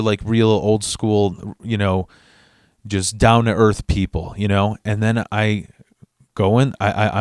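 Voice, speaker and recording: A man's voice: on the low side, no echo, clean studio sound. A man casually telling a personal story on his video channel, rambling, with frequent stammered restarts and heavy swearing.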